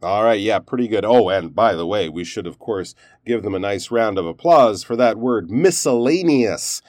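Man, pronunciation teacher, encouraging, explanatory, low pitch, dry. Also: moderate pace, dry recording. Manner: encouraging, explanatory, lively stresses. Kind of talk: reviewing learners' recordings.

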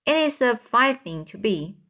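A woman voicing a proud, gently snobbish female ladybug in a read-aloud storybook, measured and faintly haughty. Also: a little high, sing-song, heavily acted. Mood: prim.

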